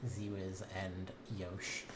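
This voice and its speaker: Low-voiced man in an echoey room. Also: completely flat delivery. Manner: apologetic, halting, searching for words. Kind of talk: casual live draft commentary. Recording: echoey room with background noise.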